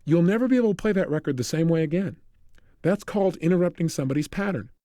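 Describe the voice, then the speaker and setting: A self-help coach speaking to the listener in an energetic, direct recorded lecture. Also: male voice, fairly high pitch, quick pace, dry recording, studio quality.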